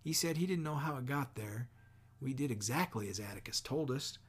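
A man reading a novel aloud in a steady, measured narration. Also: mid-range voice, breathy edge. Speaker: audiobook reader. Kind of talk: scripted narration.

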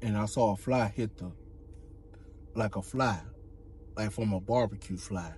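A man telling a comic story on a couple's vlog, animated and laughing, slipping into slang and acting out other voices. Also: on the low side, unhurried, slight background noise. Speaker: couple vlogger.

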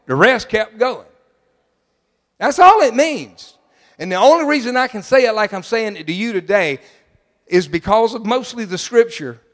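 A man's voice: sits high, expressive, moderate pace, a bit bright, in a large hall. A middle-aged man, preaching a sermon as pastor in an emphatic, folksy way. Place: church sanctuary.

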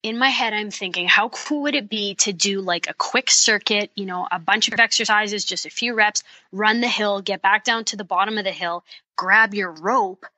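A woman's voice: medium pitch, moderate pace, sharp tone, no room sound, poor audio. A woman bowhunter on a podcast, explaining fitness tips step by step with practical enthusiasm. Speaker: guest, bowhunter and fitness coach.

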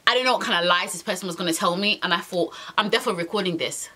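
A woman's voice: on the low side, rapid-fire, bright, forceful tone. A young British woman telling a dramatic story in an exasperated, slang-heavy way. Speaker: vlogger. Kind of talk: storytime monologue.

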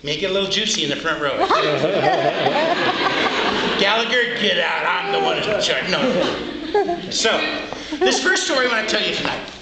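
A man's voice: high-pitched, normal speed, pauses often. A man performing as a storyteller on stage before a live audience, playful and drawing the crowd in. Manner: animated, playful, audience-involving. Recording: echoey hall with background noise.

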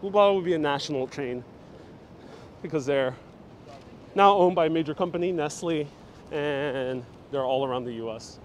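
A man's voice: fairly high pitch, moderate pace, long pauses, slight background noise. Jokey man reading live chat on a tour. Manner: jokey, chatty, reacting to viewer comments. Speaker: host. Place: outdoors and in a busy city station. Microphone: handheld phone on gimbal.

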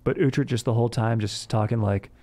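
A man's voice: mid-range voice, fairly even intonation, brisk, dark tone. A young man hosting a comedy podcast, chatting casually in bro slang and saying "dude" all the time. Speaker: podcast host.

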